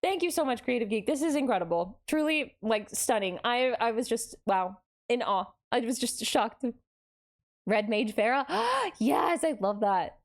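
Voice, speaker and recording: A young woman chats casually on her live stream, gushing over fan art and laughing often in excitement. Her voice is a little high and her pace a bit slow.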